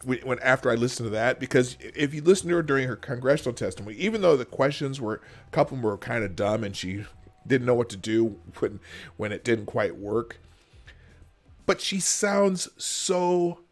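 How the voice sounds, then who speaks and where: A man's voice: medium pitch, animated, normal speed, faint music behind. A man hosting a livestream, chatting casually and rambling with many restarts. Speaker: host.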